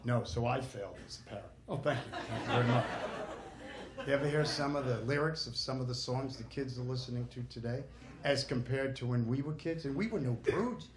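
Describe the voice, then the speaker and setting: A man performing a stand-up comedy set, brash and punchy, with crude jokes and quick character voices. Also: medium pitch, a crowd in the background. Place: comedy club stage before a laughing audience. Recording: roomy live club recording with audience noise.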